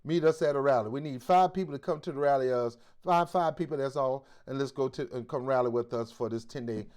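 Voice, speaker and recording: A male host giving preachy commentary in a forceful, exhorting way, with blunt street slang. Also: medium pitch, brisk.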